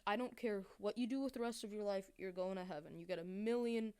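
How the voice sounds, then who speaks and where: A woman's voice: medium pitch, quick pace, a little mellow, clean tone. A woman hosting a reaction video, talking in a mocking, exasperated, rambling way. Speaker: commentary video host. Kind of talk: sarcastic reaction commentary.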